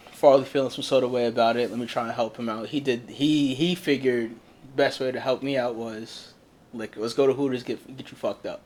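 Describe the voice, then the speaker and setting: A man's voice: mid-range voice, darkish tone. Blunt, profane young man telling a story. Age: young adult. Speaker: podcast co-host. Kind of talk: casual candid chat.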